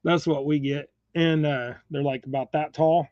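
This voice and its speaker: A man's voice: fairly high pitch, fairly even intonation, moderate pace, no echo. A man hosting a fishing channel from home, chatting in a rambling, folksy way while tying jigs, often chuckling. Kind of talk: casual live chat while tying jigs. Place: home, indoors. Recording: dull, slightly muffled sound.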